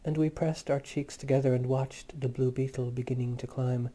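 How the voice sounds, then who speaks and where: Mellow male audiobook narrator. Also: mid-range voice, fairly even intonation. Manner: measured and lyrical. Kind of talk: literary narration read aloud.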